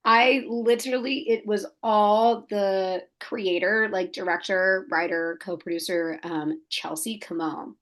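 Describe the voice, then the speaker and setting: A young woman from the Canadian Maritimes, a podcast guest telling animated stories full of fillers and quoted voices. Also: mid-range voice, measured pace, hardly any pauses. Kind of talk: casual chat.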